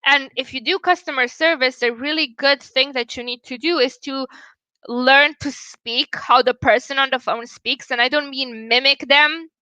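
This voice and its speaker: High, bright-voiced woman streamer. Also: dry recording. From Romania. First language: Romanian. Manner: outspoken and blunt, swears casually. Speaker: livestream host. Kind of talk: casual livestream chat.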